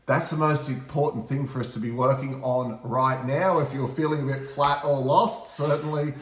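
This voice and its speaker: A man speaks to camera in a measured, unhurried way, pausing with fillers as he offers spiritual encouragement. His voice sits in an ordinary middle range and echoes around the room. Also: mid-range voice, fairly even intonation. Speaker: spiritual teacher and co-host. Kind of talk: casual spiritual advice to camera.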